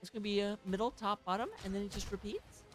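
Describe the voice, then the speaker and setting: Fast-talking Southern woman esports caster. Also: mid-range voice, steady tone, music in the background. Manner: rapid, filling dead air with stats. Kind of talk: play-by-play esports commentary.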